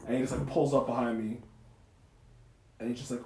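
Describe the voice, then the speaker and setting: A man co-hosting a podcast, telling a story in animated, profane casual chat and acting out the quotes. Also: mid-range voice, fast talker, a little hiss or hum. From Canada. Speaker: podcast co-host. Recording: roomy echoey room.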